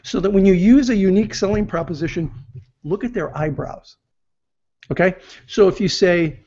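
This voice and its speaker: A man's voice: high-pitched, moderate pace, vocal fry, a little mellow. A man giving business advice as an interview guest, explaining step by step and acting out example phrases. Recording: muffled lo-fi audio.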